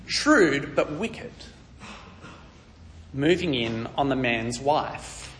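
A man's voice: mid-range voice, lively intonation, extremely slow, fairly bright tone, big-room sound, a little hiss or hum. A man preaching, teaching a Bible story in a conversational way with wry asides.

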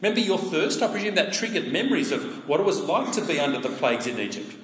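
A man's voice: a little high, very animated, fast, fairly bright tone, slight background noise. A man preaching a sermon in a conversational way, asking his listeners rhetorical questions. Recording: echoey hall with long reverb.

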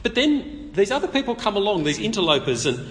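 A man preaching an expository sermon at a public meeting, conversational and animated, with touches of light humor. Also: sits high, quick pace. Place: meeting hall. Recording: long reverb of a meeting hall.

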